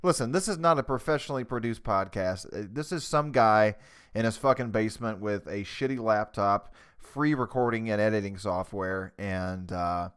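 Smooth-voiced man ranting on a basement podcast. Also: fairly low pitch, normal speed. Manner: profane, rambling, self-mocking. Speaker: podcast host. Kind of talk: casual rambling podcast chat. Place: home basement. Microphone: cheap desktop USB mic.

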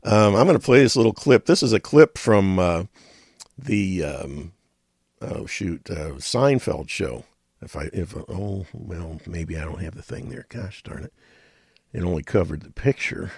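A man's voice: low-pitched, animated, unhurried, vocal fry, a little mellow, slightly rough, no echo, clean studio sound. A middle-aged man hosting a radio talk show, rambling in a folksy way with chuckles and muttered asides.

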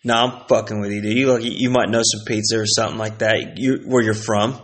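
A man's voice: lowish voice, little pitch movement, fairly quick, a bit bright. A young man from Texas, ranting casually and swearing constantly, his voice jumping up when he gets worked up. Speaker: vlogger. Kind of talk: casual profane rant.

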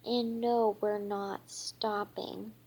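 A woman's voice: medium pitch, little pitch movement, a little mellow, breathy edge, exaggerated voice. A woman reading as a sensible fairy leader. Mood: firm. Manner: halting, restarting reading. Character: sensible girl fairy leader, firm and careful.

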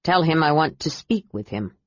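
A woman's voice: sits low, big pitch swings, moderate pace, dry recording. A woman voicing a stern, harsh male knight who talks in curt orders, in an audiobook. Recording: dull dry audiobook recording.

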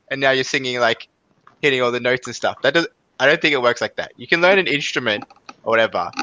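A young Australian man co-hosts a podcast, his mid-range voice carrying a sharp tone. He chats casually and rambles, with plenty of fillers and laughs.

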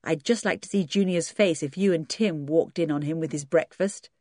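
A woman reading an audiobook and voicing a cheeky, outspoken schoolboy who talks briskly and teases. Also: low voice, a little mellow, no room sound, clean studio sound. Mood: teasing. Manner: brisk, teasing.

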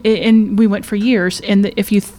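A woman's voice: mid-range voice, flat delivery, fairly quick, warm tone. A woman co-hosting a faith podcast, earnestly recounting stories and often restarting her sentences. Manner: earnest, restarts often, reads story aloud. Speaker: podcast co-host. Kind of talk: casual faith podcast chat.

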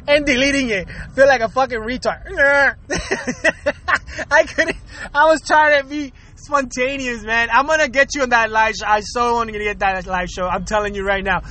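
High-voiced man ranting and laughing. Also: normal speed, pushed and bright. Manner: laughs often between lines, profane and rambling; repeats words and restarts while talking. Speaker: podcast host. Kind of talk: casual comedic rant.

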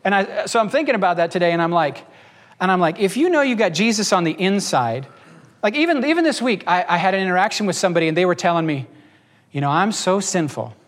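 High-voiced man preaching a sermon. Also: a bit bright. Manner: preaching with quick shifts between pace and pitch, acting out voices. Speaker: pastor.

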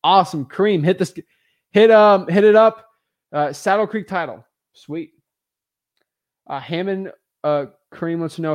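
A man's voice: high voice, measured pace, pauses often, dry recording, studio quality. A man hosting a live stream as a real estate coach, chatting casually with lots of fillers and restarts. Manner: energetic, rambling, many fillers and restarts.

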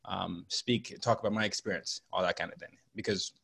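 A man's voice: low voice, fairly even intonation, fairly quick, creaky, fairly bright tone, slightly rough. A man from Nigeria, a professional speaker and author, answering interview questions earnestly with examples.

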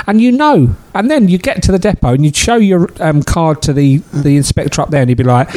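A man's voice: fairly high pitch, fairly quick, hardly any pauses. A man co-hosting a podcast, telling stories in casual chat and acting out the voices of the people in them. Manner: animated storyteller, acts out voices. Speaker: podcast co-host.

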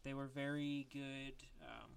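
A man's voice: medium pitch, fairly even intonation, gravelly, clean tone. A man improvising a comedic story, rambling with many fillers and restarts. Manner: rambling, filler-heavy, halting. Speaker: storyteller, co-host.

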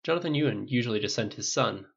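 A man reading a fan fiction story aloud, narrating in a lively way and raising his voice for the dialogue. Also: medium pitch, fast, vocal fry, slightly rough, muffled recording. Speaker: audiobook narrator.

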